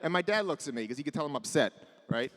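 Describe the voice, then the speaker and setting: Guy in his 30s doing stand-up, high voice, kinda self-roasting, echoey club room. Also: expressive, quick pace, a little hiss or hum. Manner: self-deprecating, acts out his parents' voices. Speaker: stand-up comedian. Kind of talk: stand-up set. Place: comedy club stage with a live audience.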